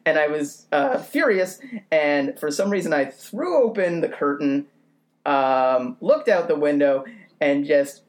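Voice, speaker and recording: A man telling a comic story on a podcast, animated and self-mocking, his pitch jumping up when he rants. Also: a little slow. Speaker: podcast co-host. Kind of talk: comedic storytelling.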